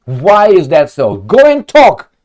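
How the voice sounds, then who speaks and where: Sarcastic man, lively pitch. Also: slow pace. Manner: sarcastic, mocking, heated. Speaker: political commentator. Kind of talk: reading and reacting to news headlines.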